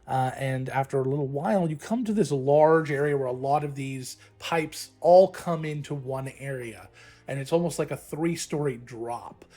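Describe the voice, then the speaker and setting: A man runs a tabletop game, talking at a middling pitch. He often stops mid-sentence with fillers and starts over, with soft music playing underneath. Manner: halting, many fillers and restarts. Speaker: game master. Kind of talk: narrating a tabletop game live.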